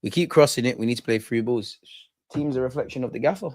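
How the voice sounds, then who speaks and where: A young man hosting a live football watch-along, chatting casually, reacting to play and reading out comments, sometimes muttering and sometimes shouting at the referee. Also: medium pitch, quick pace, no echo, clean studio sound. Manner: animated, swings from muttering to shouting at the ref.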